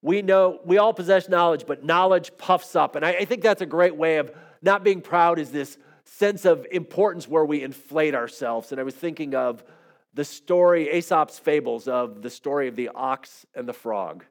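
A man preaching a sermon in a slightly high voice. His delivery moves between soft, quiet phrases and raised, emphatic ones as he tells stories to make his points. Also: normal speed. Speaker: pastor.

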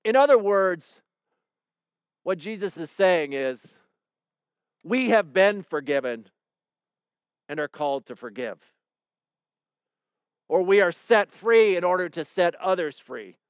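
A man delivers a sermon, walking listeners through a parable in a relaxed, conversational way. His voice sits high for a man and sounds smooth and clear. The sound is dry and close, with no room echo. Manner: conversational preaching, retelling a parable with quoted voices. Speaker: pastor.

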